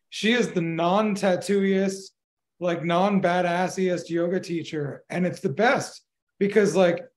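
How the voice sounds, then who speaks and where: High-voiced man, laid-back co-host. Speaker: podcast co-host. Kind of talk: casual chat.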